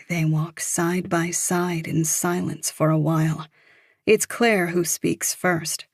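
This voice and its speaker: Reading from a thriller, this woman narrates in an even, controlled manner with a voice pitched fairly low. The sound is dry and of studio quality.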